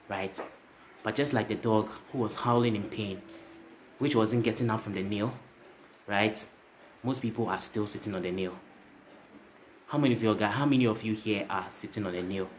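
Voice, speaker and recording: A man's voice: on the low side, slight background noise. A man giving a motivational story to livestream viewers, repeating himself and tagging his lines with "right?". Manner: repetitive, tags lines with "right?"; addresses viewers directly. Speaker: motivational speaker.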